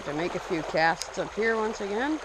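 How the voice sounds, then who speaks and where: A man's voice: high-pitched, a little fast, very noisy. Laid-back Midwestern guy fishing a stream. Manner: excited outbursts when hooking fish. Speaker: fishing vlogger. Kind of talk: casual outdoor vlog narration. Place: outdoors by a small stream. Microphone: action camera. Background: running stream water.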